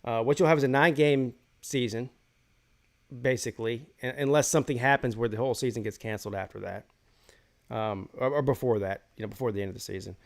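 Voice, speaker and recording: A man's voice: medium pitch, fairly even intonation, fast, gravelly. A man hosting a live college football call-in show, giving his opinions in rambling casual talk full of restarts.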